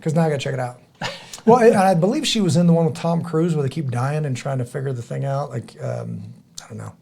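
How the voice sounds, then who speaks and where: A middle-aged man hosting a podcast in casual chat, rambling and halting, with many restarts and fillers. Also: on the high side, vocal fry, dark tone, breathy edge. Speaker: podcast host.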